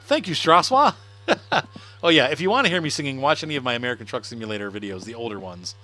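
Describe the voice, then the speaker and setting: This is a middle-aged gaming livestreamer making casual conversation as he plays, often laughing and answering comments from viewers. His mid-range voice comes across pushed and bright.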